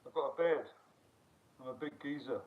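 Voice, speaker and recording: A man's voice: mid-range voice, moderate pace. A middle-aged man hosts a loose, rambling live stream, reading out comments and swearing freely. His voice comes through thin and phone-like. He sounds set back from the microphone. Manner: rambling, chatty, swears freely, reads chat aloud. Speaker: livestream host. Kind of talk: casual live-stream chat. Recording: tinny phone-like sound, distant from the mic.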